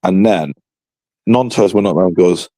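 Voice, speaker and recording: Yorkshire guy, low mellow voice, jokey rambling football banter, dry sound. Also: normal speed, dry recording. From England. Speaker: podcast co-host. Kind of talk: casual football chat.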